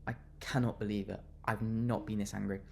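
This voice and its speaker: A man's voice: fairly low pitch, little pitch movement, fairly quick, creaky, slight background noise. A young man venting his anger in a fan reaction rant, fuming and repeating himself as he vents. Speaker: football fan vlogger.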